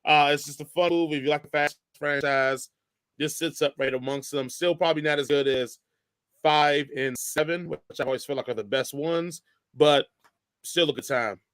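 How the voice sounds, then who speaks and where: A man hosting a podcast in casual chat, running through quick lists of pros and cons. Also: a little high, steady tone, fairly bright tone, no room sound. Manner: runs segments with quick lists. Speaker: podcast host.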